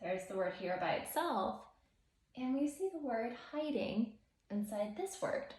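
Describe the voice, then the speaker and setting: A woman's voice: fairly high pitch, very animated, a little slow, a little mellow. A young adult woman teacher hosting an upbeat instructional video, cheerful and encouraging with sing-song emphasis. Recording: echoey room.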